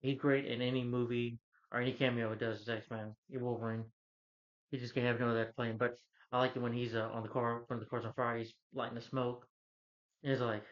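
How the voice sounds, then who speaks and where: A man rambling through a casual movie review, often restarting his sentences and slipping into quoted lines. His voice sits at an ordinary middle pitch, and the recording sounds dull and lo-fi. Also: little pitch movement, fairly quick.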